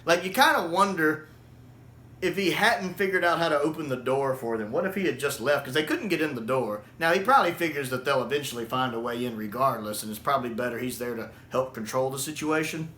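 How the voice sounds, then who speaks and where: A man casually reviewing a show, enthusiastic and quick to laugh. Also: mid-range voice, animated, sharp tone. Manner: enthusiastic, laughs often, acts out quotes. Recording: echoey room with faint hiss.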